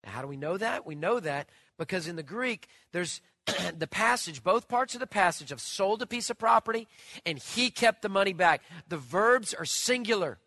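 A man preaching a sermon, telling stories with animation and swinging from loud to hushed. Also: sits high, animated, moderate pace, no room sound. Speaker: pastor.

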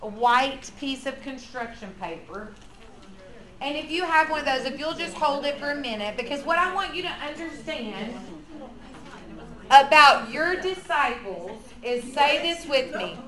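A woman with a high voice leads a training session for church volunteers, coaching them in an upbeat, encouraging way. She speaks slowly and deliberately to the group. The sound carries the roomy echo of a church classroom. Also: expressive, fairly bright tone. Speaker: church nursery teacher trainer. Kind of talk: energetic training workshop for volunteers.

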